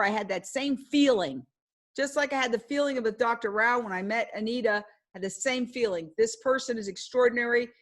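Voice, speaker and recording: A woman journalist telling a story in a passionate, emphatic way during a casual live talk. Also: on the high side. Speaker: guest speaker, journalist.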